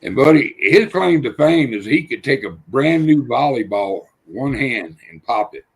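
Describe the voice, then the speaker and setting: An older man on a livestream panel, telling rough, profane stories and acting out the voices in them. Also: medium pitch, big pitch swings, measured pace. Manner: rough-spoken, swears freely, acts out quotes. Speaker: panel guest. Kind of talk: casual storytelling on a livestream panel.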